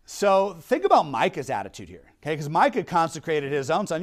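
Blunt preacher guy, high voice, keeps saying okay, really punchy delivery. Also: sing-song, a little fast. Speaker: pastor. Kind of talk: sermon.

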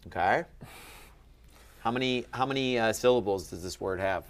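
A man's voice: fairly low pitch, moderate pace. A man tutoring a student through Ancient Greek accents, patiently quizzing and encouraging him in a friendly, upbeat way. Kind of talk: one-on-one lesson.

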